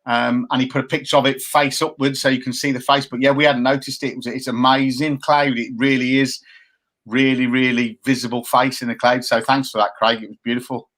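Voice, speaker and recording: A man's voice: medium pitch, level tone, brisk, a bit bright. Guy, 50s, cohosting a chatty live show, reads comments, cracks jokes. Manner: chatty, reads viewer comments aloud, jokey. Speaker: co-host. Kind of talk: casual live chat show.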